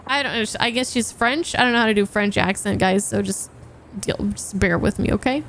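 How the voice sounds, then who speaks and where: A woman's voice: mid-range voice, a little fast, fairly bright tone, a little hiss or hum. A woman streamer making playful, joking asides to her chat during live gameplay.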